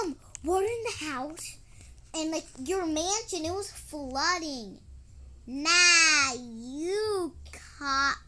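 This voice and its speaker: A woman's voice: high voice, animated, drawn-out words, pushed and bright. A young girl narrating her own role-play game in a casual, dramatic, giggly way and talking to an in-game duck. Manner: dramatic, giggly, easily startled.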